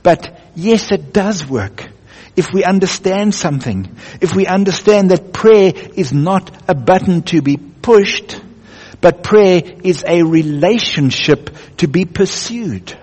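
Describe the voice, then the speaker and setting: A man's voice: high-pitched, expressive, takes it slowly, darkish tone, husky. A man preaching a sermon as a pastor, earnest and building emphasis through repetition. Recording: echoey hall.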